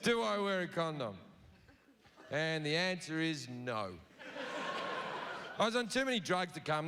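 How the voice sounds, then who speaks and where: In a fairly high voice against a noisy background, a man does crude stand-up in a theatre, acting out the voices in the story he tells. It's a reverberant live recording with the audience present.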